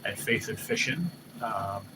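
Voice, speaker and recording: A man hosting a live stream, chatting casually and excitably, swearing loosely and often mimicking what others said. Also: fairly low pitch, a little slow. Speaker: livestream host. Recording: noisy background hum.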